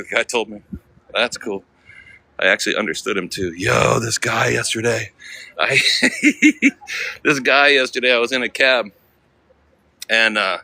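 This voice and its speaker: A man's voice: lowish voice, pushed and bright. An American man live-streaming as he walks city streets, chatting casually with viewers in slang. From United States. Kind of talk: walking live-stream vlog.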